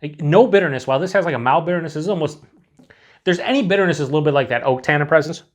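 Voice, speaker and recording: A man's voice: a little high, racing. Chatty, swearing man reviewing beer. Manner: chatty, rambling, swears freely. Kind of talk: casual tasting review to camera.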